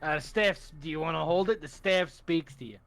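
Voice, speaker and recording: A man's voice: on the high side, normal speed, a bit bright. A man playing a tabletop game, joking with his friends. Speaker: player. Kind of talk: casual tabletop play.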